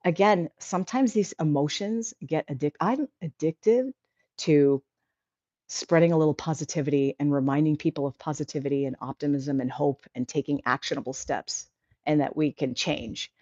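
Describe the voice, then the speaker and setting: Low, mellow-voiced woman livestreaming. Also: moderate pace, dry recording, lo-fi sound. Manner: earnest, encouraging, rambling with restarts. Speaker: livestream host. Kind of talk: casual livestream chat, reading comments.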